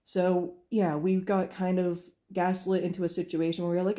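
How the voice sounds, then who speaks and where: A woman's voice: lowish voice, little pitch movement, normal speed, hardly any pauses, warm tone. A young adult woman telling a personal story in a candid, earnest way, acting out the lines of others as she goes. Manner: candid, earnest, recounting with quoted dialogue. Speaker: vlogger.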